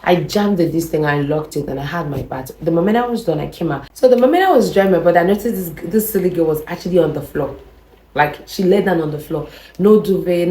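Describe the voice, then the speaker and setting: A young woman with a low voice tells a personal story to camera, chatty and animated. She often repeats words and adds "you know" as she goes. The recording has a noticeably echoey room sound. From Nigeria. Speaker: vlogger. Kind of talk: casual storytelling.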